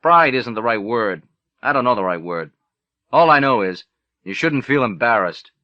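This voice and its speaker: The audiobook narrator, a man with a medium-pitched, expressive voice, reads a short story in the first person at a moderate pace with no echo. His telling is wry and plainspoken, heard through a dull, lo-fi cassette tape from the 1980s.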